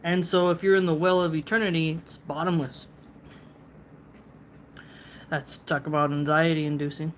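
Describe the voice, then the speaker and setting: A woman's voice: low-pitched, little pitch movement, moderate pace, pauses often, a little hiss or hum. A woman hosting a read-along, giving reflective, chatty explanations of the passage. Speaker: host reading and explaining philosophy. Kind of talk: casual read-along commentary.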